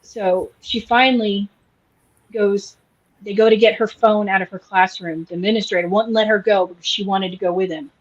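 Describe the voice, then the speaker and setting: A woman's voice: mid-range voice, normal speed. A woman chatting on a podcast, telling a long story and quoting everyone in it. The recording sounds slightly dull and lo-fi. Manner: animated retelling with quoted voices. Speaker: podcast co-host. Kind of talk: casual storytelling chat.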